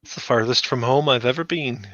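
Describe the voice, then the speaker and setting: A man's voice: mid-range voice, a little fast, fairly bright tone. A man co-hosting a show, chatting in a laid-back, agreeable way. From Western Canada. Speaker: podcast co-host. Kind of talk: casual chat. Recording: dull, dry lo-fi mic.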